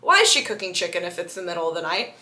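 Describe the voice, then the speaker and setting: A woman book vlogger giving a casual, sarcastic and animated retelling of a novel. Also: on the low side, rapid-fire. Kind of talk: casual book recap vlog.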